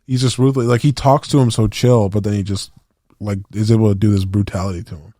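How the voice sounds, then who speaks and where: A man's voice: on the low side, steady tone, quick pace, warm tone, dry recording, clean studio sound. A man co-hosting a podcast in casual chat, rambling through movie scenes and acting out the lines with plenty of swearing. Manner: rambling storyteller, acts out movie quotes, swears. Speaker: podcast co-host.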